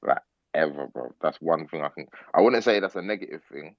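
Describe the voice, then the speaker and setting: Very deep-voiced man, hesitant chat. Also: animated, fairly quick, vocal fry, dry recording, lo-fi sound. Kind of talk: casual chat.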